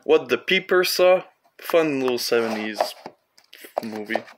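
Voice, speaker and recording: A man's voice: mid-range voice, animated, measured pace, noisy background. A young man from Canada rambling casually through his film collection, with offhand, profane asides.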